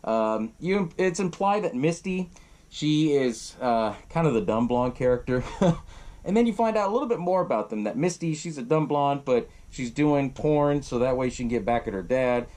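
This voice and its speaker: A man hosting a podcast, recapping a film in a casual, profane, animated way and laughing often. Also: medium pitch, moderate pace. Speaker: podcast host.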